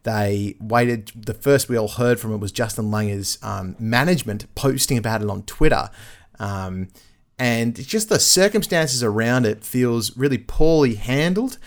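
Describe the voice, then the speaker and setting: A man's voice: mid-range voice, unhurried. Earnest Australian man hosting a podcast. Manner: earnest, says "mate". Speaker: podcast host. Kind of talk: casual chat.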